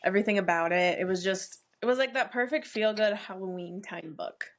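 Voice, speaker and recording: A woman's voice: mid-range voice, fairly quick. A woman co-hosting a book podcast, chatting casually in an upbeat, giggly way and laughing often.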